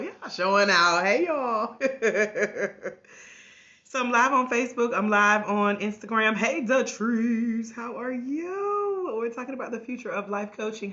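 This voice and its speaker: A woman hosting a casual livestream from home, hoarse with a cracking voice, chatting and greeting viewers by name through a tablet mic. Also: mid-range voice, bright, forceful tone. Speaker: life coach trainer hosting a livestream. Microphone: tablet microphone. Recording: grainy lo-fi livestream audio.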